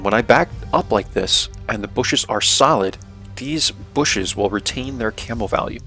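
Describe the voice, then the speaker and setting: Gravelly and on the low side, this young man's voice sounds a bit bright. Speaking with a North American accent, he offers laid-back commentary on his tank match, walking through tactics with plenty of "um," "right?" and "man."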